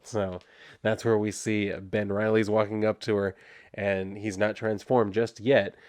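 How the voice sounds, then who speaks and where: A man's voice: lowish voice, little pitch movement, measured pace, a little mellow, dry recording. Casual, rambling male comic reviewer. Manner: rambling, laughs often, many fillers.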